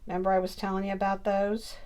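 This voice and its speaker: A woman's voice: mid-range voice, monotone, fast, darkish tone. A middle-aged woman from Maine chatting casually as she makes a scrapbook page, often muttering to herself while she works. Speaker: crafting YouTuber. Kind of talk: casual crafting chat to camera.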